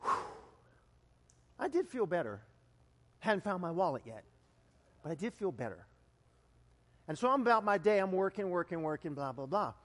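Guy preaching a sermon, high voice, goes loud then hushed, long church hall echo. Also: moderate pace, pauses often. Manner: animated storytelling, swings from loud exclamations to hushed low lines. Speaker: pastor.

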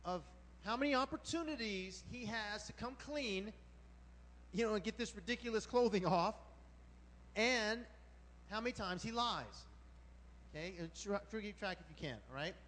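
A man preaches from the pulpit with a strikingly high voice. He talks loosely and animatedly and breaks into exclamations. His words ring out with a long reverb through the church hall. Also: lively intonation, moderate pace, long pauses, a bit bright, slight background noise. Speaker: pastor. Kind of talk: sermon.

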